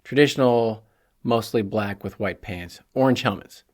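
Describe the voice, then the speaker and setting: A man's voice: fairly low pitch, normal speed, darkish tone. A man hosting a solo sports preview podcast, talking casually and chattily with joking asides. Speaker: podcast host.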